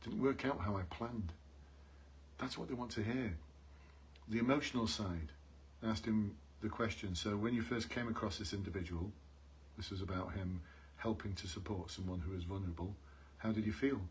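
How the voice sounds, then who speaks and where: A man's voice: lowish voice, fairly quick, slight background noise. A man coaching police job applicants on a live stream, earnest and repetitive, calling out to his viewers. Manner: earnest, repeats key points, calls out to viewers.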